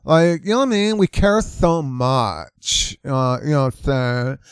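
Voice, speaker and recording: A man's voice: medium pitch, lively intonation, fairly quick, clear, resonant tone, dry recording, lightly acted. A man putting on the sing-song, mocking voice of a whiny, self-righteous young male activist, recorded close on a dry mic. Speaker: host.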